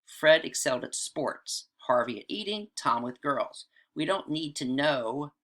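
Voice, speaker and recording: A man's voice: mid-range voice, lively intonation, unhurried, fairly bright tone. A man teaching rhetorical devices in a casual lecture, chatty and often checking in with "right?" and "all right". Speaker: writing teacher.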